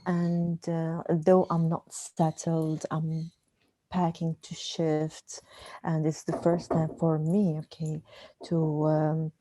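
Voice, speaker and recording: A woman, sharing on a video call in a halting way and leaning on "okay" between phrases. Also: deep voice, creaky, mellow, no room sound, rough recording. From Arab world. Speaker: retreat participant. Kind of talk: casual sharing in an online group.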